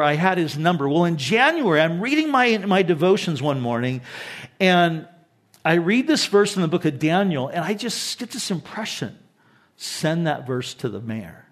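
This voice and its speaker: A pastor in his sixties delivers a sermon in a fairly high voice. He tells stories with animation, climbing up when excited and dropping to a near hush for emphasis. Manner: animated storytelling, drops to hushed emphasis.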